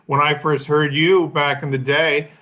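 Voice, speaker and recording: A man's voice: on the high side, level tone, unhurried, sharp tone. A man hosting a casual interview, laid-back, asking open questions. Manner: laid-back, asks open questions, frequent short backchannel. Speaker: podcast interviewer.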